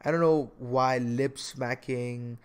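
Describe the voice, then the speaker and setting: A young man hosting a casual podcast, talking in an animated way with many stammered restarts. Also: medium pitch, takes it slowly, clear, resonant tone. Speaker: podcast host.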